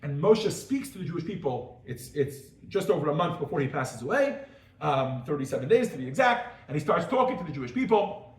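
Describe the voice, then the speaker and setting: A man with a high, very lively voice teaches a class as a rabbi, jumping into quick acted-out scenes as he explains. He sounds far from the microphone in a room with a lot of echo. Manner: animated, acts out little scenes in different voices. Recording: echoey room, mic far off.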